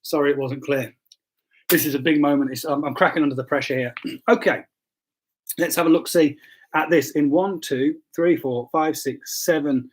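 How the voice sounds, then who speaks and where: High-voiced jokey pastor. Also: male voice, steady tone, moderate pace. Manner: jokey and self-deprecating, stumbles and apologizes. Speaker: pastor hosting a live stream. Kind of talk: casual livestream chat, reading quiz results.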